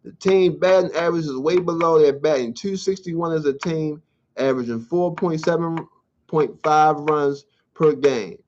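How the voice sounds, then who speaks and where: A man's voice: a little high, normal speed, darkish tone, slight background noise. A man hosting a solo sports talk show, blunt and profane, ranting about his team in casual slang. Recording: dull lo-fi sound.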